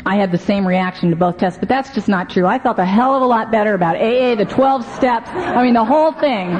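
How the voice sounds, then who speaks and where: A woman's voice: on the high side, animated, fairly quick. A middle-aged woman sharing her story at a recovery meeting, candid and self-deprecating, with many "you know"s. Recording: muffled, lo-fi recording with faint hiss.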